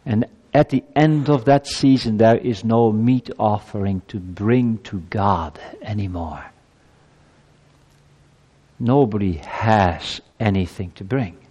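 A man's voice: on the low side, darkish tone, dull audio. Earnest male preacher in a reverberant church. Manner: earnest preaching, rising emphasis on scripture quotes, rhetorical questions. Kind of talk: sermon.

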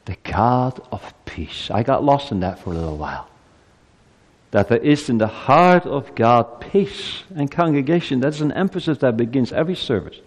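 Animated man in his fifties preaching. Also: medium pitch, moderate pace, long reverb tail. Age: 50s. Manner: animated preaching, rising loud on climaxes, dropping to soft asides. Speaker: pastor. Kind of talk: Christmas sermon.

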